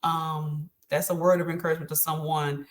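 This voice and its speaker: The host's mother, a middle-aged guest on the podcast, talks briskly in a low voice with little pitch movement. She speaks earnestly about faith and encouragement in a casual chat, often filling gaps with um.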